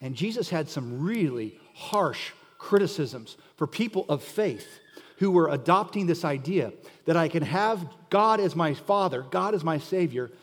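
Male pastor, middle-aged, high-pitched and emphatic, sermon recorded with long hall echo. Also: animated, unhurried. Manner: emphatic, questioning the listeners directly.

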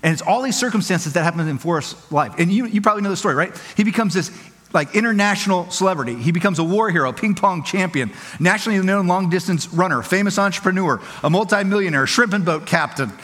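Male pastor, high-pitched, casual and playful delivery, echoing sanctuary. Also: expressive, fairly bright tone. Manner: conversational, playful, acts out quick quoted voices. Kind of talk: sermon. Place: church auditorium.

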